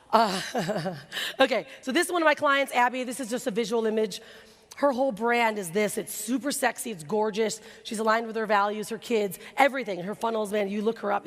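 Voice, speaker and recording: Female keynote speaker, excitable and chatty, gravelly voice, echoing conference hall. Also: mid-range voice. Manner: excitable, laughs often, rapid asides. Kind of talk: energetic stage talk. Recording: reverberant hall recording.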